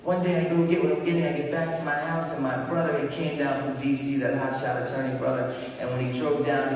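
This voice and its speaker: A man's voice: medium pitch, a little mellow. A man giving a keynote speech, telling his recovery story in a dramatic, emphatic way with repeated phrases and built-up lists. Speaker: keynote speaker. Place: large event hall. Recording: echoey hall, speaker far from the mic.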